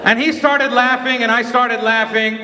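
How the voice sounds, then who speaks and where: A male comedian from Nazareth doing stand-up on a stage mic, telling a story in an animated way and acting out the dialogue. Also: very high-pitched, normal speed, a crowd in the background. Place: large event hall stage. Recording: echoey hall with live audience. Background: audience.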